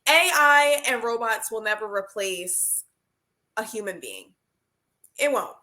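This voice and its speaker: Woman podcast co-host arguing her side, bright sharp voice, says you know a lot. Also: on the high side, expressive, takes it slowly. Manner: firm, arguing back, many fillers. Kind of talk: casual debate chat.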